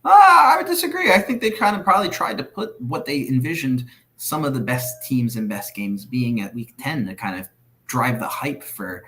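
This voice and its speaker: A man co-hosting a sports podcast who talks earnestly and firmly states his views. His voice is pitched in an ordinary middle range. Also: big pitch swings, moderate pace, bright, forceful tone. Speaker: podcast co-host. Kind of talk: casual sports chat.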